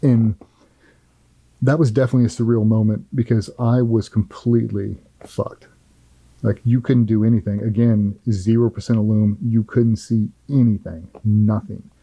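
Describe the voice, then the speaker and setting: A man's voice: fairly low pitch, little pitch movement, moderate pace, mellow, dry recording, poor audio. A middle-aged man, a former Navy SEAL, telling a firsthand war story in an interview in a blunt, profane, vivid way.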